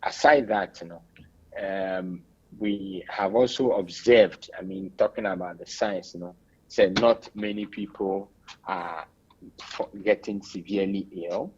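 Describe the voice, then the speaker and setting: A man with a Ghanaian accent, a radio interview guest giving measured, explanatory answers. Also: low-pitched, breathy edge, dull audio.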